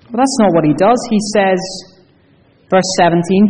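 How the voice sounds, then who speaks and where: A man's voice: high voice, moderate pace, darkish tone, distant mic, low-quality recording. A man giving a children's talk in a church service. He tells stories with animation and asks the audience questions. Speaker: preacher.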